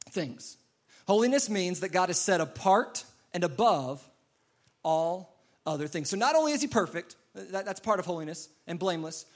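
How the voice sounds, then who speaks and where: Male pastor, high voice, earnest sermon delivery, leans on repetition. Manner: earnest, repeats key phrases for emphasis.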